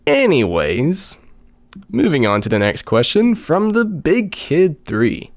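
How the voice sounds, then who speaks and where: A man's voice: fairly high pitch, wildly swooping pitch, slow. A man hosting a casual solo podcast, tired and out of breath, rambling with many fillers and restarts. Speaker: podcast host.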